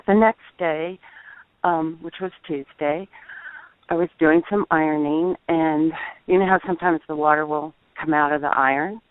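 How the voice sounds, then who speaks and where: A middle-aged woman calling in, telling a personal testimony in an earnest, halting way, over the phone. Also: sits low, steady tone, no room sound. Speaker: caller. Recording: tinny dry phone line.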